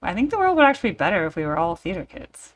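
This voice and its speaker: A woman's voice: on the low side, big pitch swings, rapid-fire. A woman hosting her own reaction video, talking casually to camera with playful, theatrical asides.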